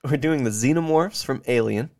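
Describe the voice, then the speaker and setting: A man's voice: mid-range voice, normal speed, darkish tone. A man co-hosting a podcast, bantering playfully and crudely, often calling the others "dude". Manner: playful, says "dude" a lot. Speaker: podcast co-host.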